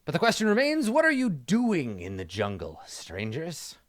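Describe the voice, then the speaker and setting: A man playing a stern old male skeleton army commander who speaks in a gruff, measured, probing way. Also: a little high, huge pitch swings, pitched above the performer's own voice.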